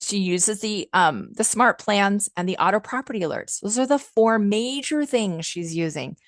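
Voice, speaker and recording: A woman working as a customer success manager, leading a software training webinar in an upbeat, chatty, enthusiastic way, often using "like" and "um.". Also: mid-range voice, lively intonation, moderate pace, dry recording, studio quality. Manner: frequent "like" and "um" fillers.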